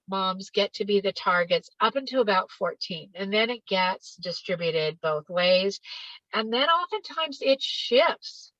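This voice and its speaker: A woman's voice: medium pitch, a bit bright, no room sound. Emphatic woman leading a parent workshop. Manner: emphatic, repeats words for stress. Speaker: parenting educator. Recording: dull lo-fi dry sound.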